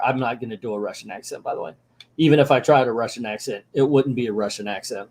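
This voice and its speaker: A man's voice: medium pitch, brisk, darkish tone. A man hosting a comic book channel, reading through a comic and making casual, joking asides. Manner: joking, chatty asides with laughs.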